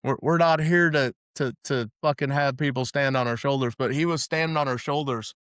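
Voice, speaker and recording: A man's voice: mid-range voice, a little fast, a bit bright, no room sound, studio quality. A man hosting a podcast, telling rowdy concert stories in a rambling, profane way with many restarts. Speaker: podcast host. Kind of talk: casual storytelling chat.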